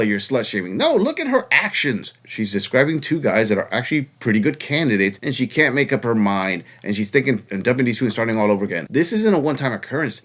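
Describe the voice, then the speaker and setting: A man hosting reaction commentary, sarcastic and mocking in a lecturing tone. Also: mid-range voice. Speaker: channel host reacting to clips.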